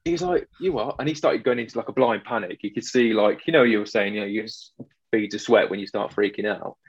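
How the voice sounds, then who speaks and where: A man's voice: fairly low pitch, fairly even intonation, quick pace, breathy edge, dull audio. A man working as an electrician tells a work story in casual chat, acting out both sides of the dialogue.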